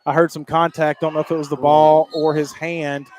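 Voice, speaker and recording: A man calling high school basketball play-by-play, rapid and excitable, climbing higher on big plays. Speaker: play-by-play announcer.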